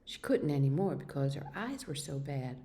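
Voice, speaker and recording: A woman reading a children's novel aloud, with steady, expressive storytelling. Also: sits low, moderate pace. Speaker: reader.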